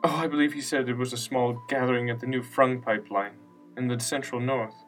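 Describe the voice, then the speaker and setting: A man reading a story, voicing a frail grieving old woman in her seventies who is tearful and quick to snap. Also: medium pitch, fairly even intonation, fairly bright tone, natural voice. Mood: weepy, vague. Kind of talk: audiobook character voice. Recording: distant mic with faint music.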